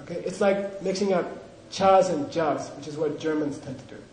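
A man's voice: fairly high pitch, normal speed, a little mellow, a little hiss or hum. A man teaching a language class, drilling pronunciation and joking with his students. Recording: echoey room with class audience.

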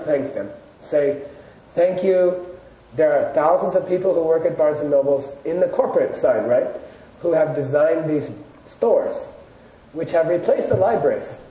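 A man's voice: a little high, expressive, moderate pace, mellow. A man teaching a live audience, chatty and storytelling, with loose fillers, recorded from a distance in an echoey room. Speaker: Buddhist teacher. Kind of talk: casual lecture to a live audience. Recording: echoey room, distant mic, faint noise.

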